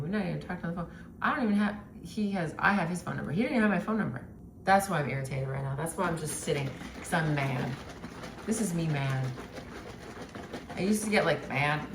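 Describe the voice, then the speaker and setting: Low-voiced woman rambling in a vlog. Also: a bit bright, slight background noise. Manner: casual, rambling, swears often. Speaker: vlogger, identity coach. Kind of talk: day-in-my-life vlog chat. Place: home kitchen, indoors.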